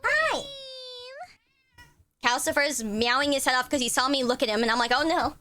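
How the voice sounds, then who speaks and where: A woman's voice: high voice, steady tone, fast talker, noisy background. A young woman streamer chatting casually with her viewers, laughing often and swearing freely. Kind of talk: casual chat.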